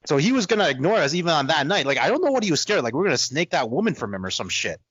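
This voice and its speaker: A man's voice: on the high side, sing-song, very fast, fairly bright tone, slightly rough, dry recording. A man co-hosting a podcast, telling a profane story and quoting friends in dialogue. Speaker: podcast co-host. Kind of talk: casual storytelling chat.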